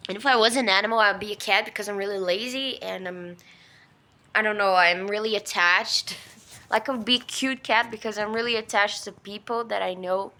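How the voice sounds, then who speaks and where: A woman's voice: mid-range voice, steady tone, brisk, bright, forceful tone. A woman telling a story in a casual, rambling way, full of fillers and emphatic swearing. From Brazil. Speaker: vlogger.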